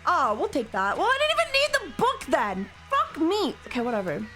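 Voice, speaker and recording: A woman's voice: high voice, huge pitch swings, normal speed, over music. Profane, jokey woman streamer. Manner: jokey and profane, bursts into loud mock rants. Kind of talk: casual live-stream chat while playing a game.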